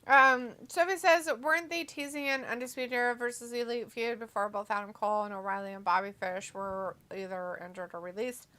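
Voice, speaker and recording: Woman co-host, slightly high and bright, casual stream chat, reads comments with easy laughs. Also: steady tone, a little fast, hardly any pauses. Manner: reads viewer comments aloud, laughs easily. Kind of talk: casual watch-along chat.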